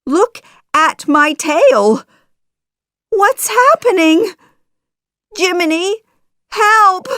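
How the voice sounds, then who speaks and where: A woman voicing an excitable wooden puppet boy in a children's audio story, high and exclaiming. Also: drawn-out words, pauses often, dry recording, clean studio sound, full character voice. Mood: alarmed.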